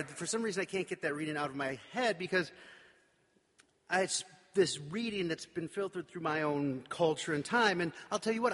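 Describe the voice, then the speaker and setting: A man's voice: fairly high pitch, fairly bright tone. A male pastor giving a sermon in a conversational, wry way, with playful asides. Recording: long reverb of a large hall.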